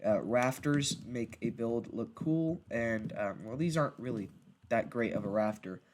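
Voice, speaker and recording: Male gaming creator, mid-pitched, rambly and halting, keeps restarting sentences. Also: darkish tone. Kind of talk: casual gameplay narration.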